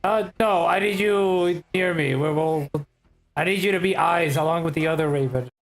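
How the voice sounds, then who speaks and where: A man playing a tabletop game, talking in character in an excitable, stammering, jokey way. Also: on the high side, moderate pace, soft background music. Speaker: player. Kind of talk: in-character tabletop role-play.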